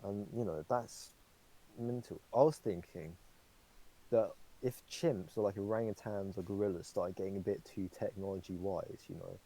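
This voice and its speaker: A man's voice: deep voice, steady tone, moderate pace, warm tone, rough recording. A young man co-hosting a podcast, rambling through casual chat with lots of fillers and swearing. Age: young adult. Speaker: podcast co-host.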